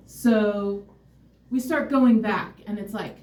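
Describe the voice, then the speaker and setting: A woman's voice: medium pitch, slow, background noise. A woman telling a personal story on stage, candid, wry and emotionally open. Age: adult, mother of a son. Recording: roomy hall, mic far off.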